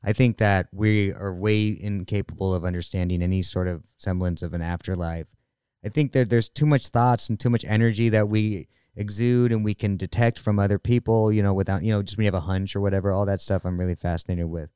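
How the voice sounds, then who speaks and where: Male podcast guest, smooth, lowish voice, easygoing and thoughtful. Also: fairly even intonation, a little fast, mellow, no echo, clean studio sound. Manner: easygoing, reflective. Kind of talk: casual chat.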